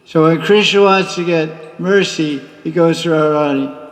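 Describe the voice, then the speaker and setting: A man, a spiritual teacher, giving a lively devotional class with teasing asides. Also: fairly high pitch, normal speed. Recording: echoey hall reverb.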